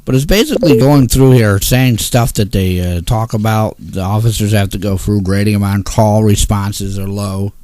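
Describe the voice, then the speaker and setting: A man's voice: fairly low pitch, moderate pace, few pauses, dark tone, no echo. A man hosting a casual talk show, ranting in an exasperated, grumpy way and swearing often. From Northeastern United States. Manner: grumpy, cursing, exasperated rants. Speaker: host.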